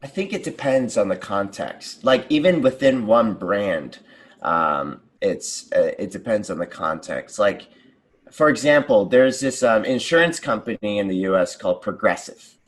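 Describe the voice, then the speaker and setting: An American man with a fairly low voice, talking casually as a guest on an interview show. He sounds enthusiastic about his work and livens up his examples with little acted-out voices. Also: unhurried. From United States. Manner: enthusiastic, jumps into lively voices when telling examples. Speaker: guest, conversation designer.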